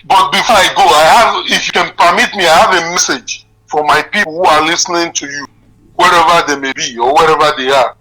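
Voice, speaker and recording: A man's voice: on the high side, fairly quick, a crowd in the background, poor audio. A man from Nigeria calling in to a talk show, deferential and hesitant, with many fillers. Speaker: caller. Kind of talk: casual call-in chat.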